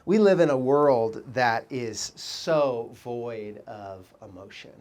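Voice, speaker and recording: A man preaching a sermon as pastor, telling stories with lively quoted voices and asking the congregation reflective questions. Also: medium pitch, takes it slowly. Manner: animated storytelling, quoting people in raised voices.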